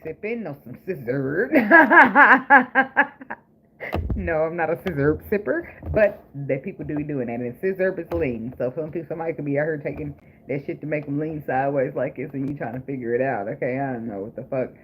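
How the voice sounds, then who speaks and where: A man's voice: a little high, fast talker, a little mellow. Profane, joking man reading tarot. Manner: blunt, profane, joking, laughs often. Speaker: tarot reader. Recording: noisy recording with clicks.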